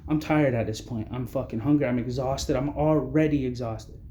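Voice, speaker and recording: A man's voice: mid-range voice, fairly even intonation, normal speed, warm tone, reverberant, a little hiss or hum. A man telling his own story of homelessness in blunt, agitated speech full of swearing. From Canada. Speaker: vlogger recounting homelessness. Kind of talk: angry personal testimony.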